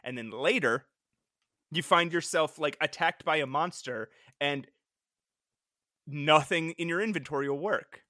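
A man co-hosting a podcast in casual chat, animated and laughing often as he acts out his reactions. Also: fairly high pitch, unhurried, pauses often, dry recording, clean studio sound. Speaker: podcast co-host.

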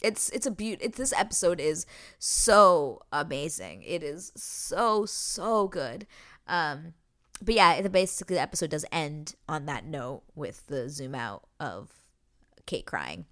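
Low-voiced woman gushing on a podcast. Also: lively intonation, a little slow, a bit bright. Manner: gushing, emotional, rambling with fillers. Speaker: podcast host. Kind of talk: casual episode recap. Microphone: podcast microphone.

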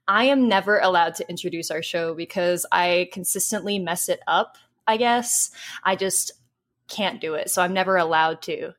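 A woman's voice: medium pitch, fairly bright tone. A young woman co-hosting a podcast, chatting casually and gushing as an eager fan. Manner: enthusiastic, rambling fan talk. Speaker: podcast co-host.

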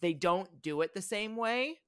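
A man's voice: high voice, animated, measured pace, a bit bright, clean tone. A man co-hosting a casual pop culture podcast, rambling with frequent restarts as he gives passionate fan opinions. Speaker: podcast co-host.

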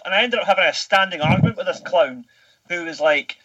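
Scottish guy in his 30s on a podcast, fairly high bright voice, chatty and animated, swears a lot. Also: fast, low-quality recording. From Scotland. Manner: animated storytelling, swears freely. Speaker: podcast guest. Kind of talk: casual podcast chat.

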